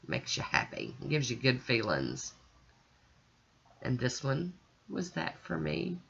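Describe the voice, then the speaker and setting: A woman talks through her nail art work in a chatty, folksy voice-over, speaking right to her viewers. Her voice is bright and forward. The recording sounds dull and lo-fi. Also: extremely low pitch, gravelly. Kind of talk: casual tutorial voice-over.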